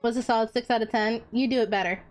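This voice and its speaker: A woman streamer with a fairly high voice chats casually with her viewers. She is blunt and profane, teasing them as she goes. Faint game music plays in the background. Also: fairly even intonation, quick pace. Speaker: live streamer. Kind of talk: casual live-stream chat.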